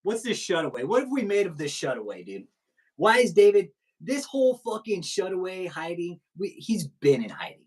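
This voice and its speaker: A man's voice: high-pitched, big pitch swings, normal speed, darkish tone, breathy edge, rough recording. A man hosting a live stream, talking in a profane, combative, rambling way. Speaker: stream host. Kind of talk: casual live-stream commentary.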